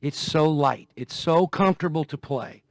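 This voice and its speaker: A man's voice: on the high side, normal speed, gravelly, no echo. A man talking casually and folksily about guitar care, repeating himself as he goes, with a guitar heard now and then. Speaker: guitar vlogger. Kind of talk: casual demonstration talk. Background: guitar playing.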